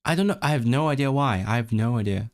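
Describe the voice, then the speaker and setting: Mid-range in pitch and quick, this man's voice comes through a desk mic as he livestreams casually about learning languages. A native English speaker, he thinks aloud, restarts often, reads chat, and tries learner's Welsh with lively intonation.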